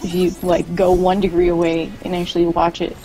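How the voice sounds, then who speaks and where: A woman's voice: lowish voice, monotone, warm tone, poor audio. Playful young woman on a game stream. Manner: playful, quick quips and short reactions. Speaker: livestream co-host. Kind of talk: casual chat during a game stream. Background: game music.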